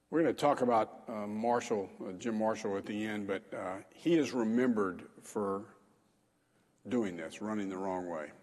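A man's voice: lowish voice, a little slow, darkish tone, big-room sound. A man preaching a sermon as pastor, talking in a conversational way with frequent fillers.

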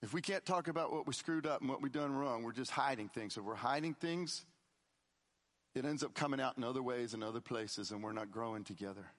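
A middle-aged man preaching a conversational sermon, swinging between loud emphatic lines and quiet, low asides. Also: a little fast. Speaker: pastor.

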